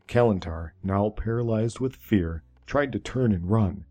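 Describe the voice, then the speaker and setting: A man narrating a dark fantasy story in a slow, measured way. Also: on the low side, soft background music.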